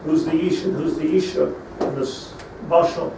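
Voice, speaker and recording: A man's voice: a little high, fairly even intonation, normal speed, noisy background. A middle-aged man, a rabbi, giving a storytelling sermon that mixes Hebrew terms into English and builds to emphatic peaks. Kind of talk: sermon on lamentations. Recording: echoey room, mic at a distance, faint ambience.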